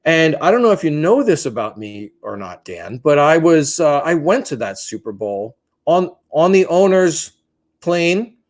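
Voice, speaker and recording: A man's voice: on the high side, very animated, a little slow. A man in his fifties co-hosting a podcast, telling a long story in a rambling, profane, self-deprecating way. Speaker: podcast co-host.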